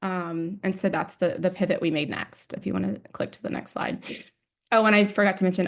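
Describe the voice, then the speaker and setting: A woman in her forties telling her personal story as a webinar guest speaker, candid and emotional, with many ums. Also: fairly low pitch. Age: 40s. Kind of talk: personal story talk with slides.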